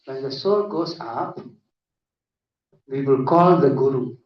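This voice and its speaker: A man giving a lively conference lecture full of anecdotes, often asking "isn't it?". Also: mid-range voice, slow pace. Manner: animated, often adds 'isn't it?'. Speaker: conference speaker. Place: conference hall. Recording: echoey hall, distant dull mic.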